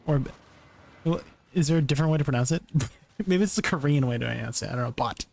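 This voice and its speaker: A man's voice: fairly high pitch, fast, gravelly, darkish tone. A man chatting casually with viewers on a live stream, laughing often and answering their questions as he goes.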